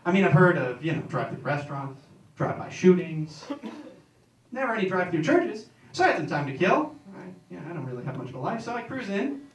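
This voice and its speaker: High, animated young stand-up comedian. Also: male voice, quick pace. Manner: rambling, self-mocking storytelling. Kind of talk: stand-up routine. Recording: echoey room, distant mic, noisy.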